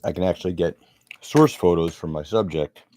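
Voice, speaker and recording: A man's voice: deep voice, normal speed, warm tone, slight background noise. A middle-aged man chatting casually and rambling as he narrates his sculpting work. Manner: rambling, chatty, self-deprecating. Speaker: sculptor vlogger.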